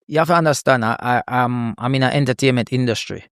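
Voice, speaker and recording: A man from Jamaica with a Jamaican accent, a comedian chatting on a podcast, animated and laughing often as he tells stories. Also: medium pitch, fast talker, few pauses, smooth, no echo, clean studio sound. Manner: animated storyteller, laughs a lot, repeats "you know what I mean". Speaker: guest comedian. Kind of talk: podcast conversation.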